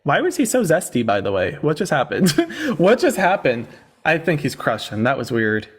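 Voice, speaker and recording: A man's voice: medium pitch, big pitch swings, brisk, fairly bright tone, slightly rough. A man hosting a livestream debate, talking casually with a sarcastic, incredulous edge.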